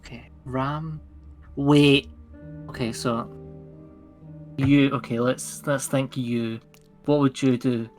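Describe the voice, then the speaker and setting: A man's voice: medium pitch, fairly even intonation, slow, long pauses, soft background music. A man playing a guest in a text adventure game, joking with mock despair. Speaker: guest player.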